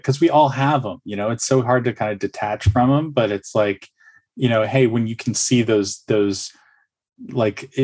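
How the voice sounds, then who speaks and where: Man, podcast host, casual chat, fairly low voice, rambling and halting. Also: darkish tone. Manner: halting, rambling, many restarts and fillers. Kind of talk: casual conversation.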